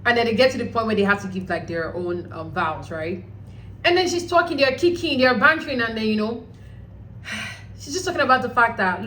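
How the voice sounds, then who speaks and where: A woman hosting a reality show recap, talking casually in an animated, blunt way with some swearing. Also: on the high side, a little fast, slight background noise, low-quality recording.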